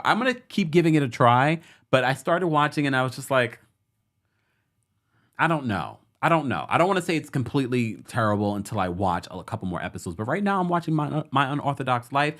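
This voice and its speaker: Lively, chatty gay man hosting. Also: medium pitch. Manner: chatty, lively, laughs often. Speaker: host. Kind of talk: casual chat.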